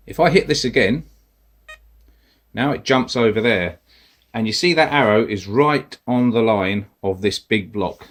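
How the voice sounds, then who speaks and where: Low-voiced man explaining detector settings. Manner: relaxed, explains step by step while pressing buttons. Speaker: metal detecting tutorial host. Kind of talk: casual instructional walkthrough.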